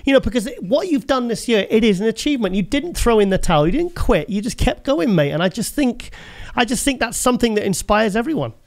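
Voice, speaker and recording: A British man hosts a podcast interview, enthusiastic and chatty, often repeating himself and calling his guest "mate." He talks fast in a very high, very animated, gravelly voice.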